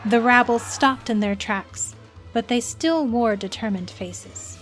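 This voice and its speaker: Woman storyteller, slow clear reading, fairly high voice, soft music behind. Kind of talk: scripted story narration.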